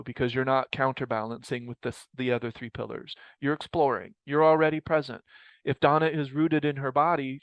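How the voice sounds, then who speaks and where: A man's voice: mid-range voice, clear, resonant tone, dry recording, low-quality recording. A man leading a group study session on a mindfulness practice, talking in a rambling, reflective way and often correcting himself. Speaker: mindfulness teacher. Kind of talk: casual group teaching talk.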